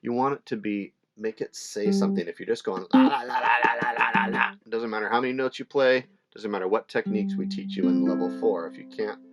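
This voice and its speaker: A middle-aged man teaching ukulele in a relaxed, chatty way, with fillers and small laughs. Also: lowish voice. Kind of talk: casual instructional talk. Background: ukulele playing between phrases.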